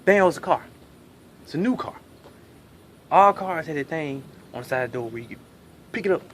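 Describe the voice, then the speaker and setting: A man telling a comedic story in an animated, profane way. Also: on the high side, fairly quick, a little hiss or hum.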